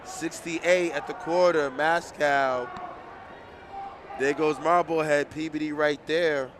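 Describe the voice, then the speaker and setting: A man's voice: on the high side, fairly even intonation, takes it slowly, background noise. Chatty Boston man calling a track meet. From Boston area. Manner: chatty, gives loud shout-outs to viewers. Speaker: meet commentator and streamer. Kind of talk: casual live sports commentary.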